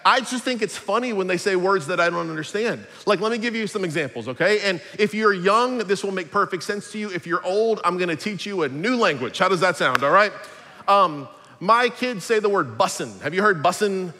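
High bright pastor in his 40s, joking around in a sermon, big hall echo. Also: animated, fairly quick. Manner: upbeat, jokey and conversational.

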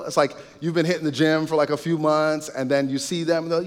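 Here a man with a high voice and fairly even intonation talks fast, with few pauses, in a big-sounding room. His faith-based talk is casual and sermon-like: chatty, repetitive, and full of asides to the audience.

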